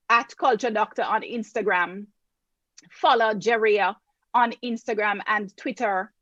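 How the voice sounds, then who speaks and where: A woman's voice: medium pitch, fairly bright tone, no room sound, muffled recording. A woman who lectures at a university, moderating a panel discussion and repeating points for emphasis.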